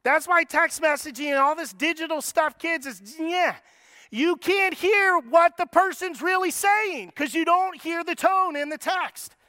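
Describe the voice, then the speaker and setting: A middle-aged man preaching a sermon, moving between lively, raised passages and soft, slow, quiet lines. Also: very high-pitched, no echo, studio quality. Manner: preaching with dramatic shifts in tone, acting out voices. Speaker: pastor.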